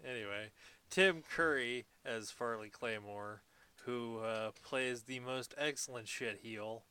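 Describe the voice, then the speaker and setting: A man's voice: medium pitch, slow, sharp tone. A man casually recapping a movie with a friend, laughing often and jumping in with mock outbursts. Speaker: podcast co-host.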